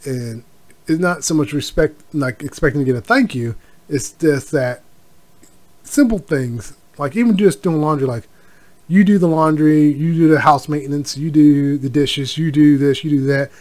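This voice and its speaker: Middle-aged male podcast host, a bit higher-pitched, loose rambling delivery. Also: normal speed, darkish tone. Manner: rambling, with many fillers and asides. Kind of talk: casual solo podcast monologue.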